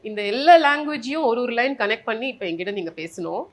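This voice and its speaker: Very fast-talking Tamil woman host. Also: on the high side, animated. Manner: effusive, warm gratitude. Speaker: podcast host. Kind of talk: interview, mixing Tamil and English.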